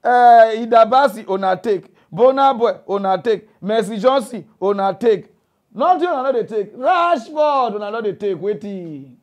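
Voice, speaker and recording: A man with a Nigerian Pidgin English accent, giving animated comic commentary and laughing between his lines. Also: high-pitched, moderate pace. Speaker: comedian.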